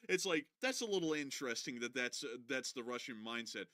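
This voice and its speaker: Bright-voiced man giving rambling commentary. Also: mid-range voice, lively intonation, fast talker, hardly any pauses, slight background noise. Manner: joking asides, then rambling analysis with fillers. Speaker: online war commentator. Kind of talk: casual video commentary.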